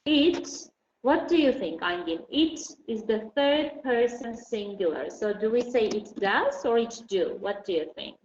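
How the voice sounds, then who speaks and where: A woman teaching an online English lesson. She explains patiently and slowly, with many fillers. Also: on the high side, lively intonation, a little mellow. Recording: dull roomy recording, faint noise.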